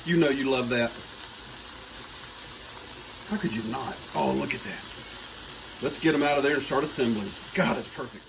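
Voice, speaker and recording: A man's voice: medium pitch, a little fast, pauses often, music in the background, rough recording. A man with a Georgia accent hosting a casual cooking demonstration, joking and talking to viewers while he cooks. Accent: Southern US, Georgia. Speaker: home cook and channel host.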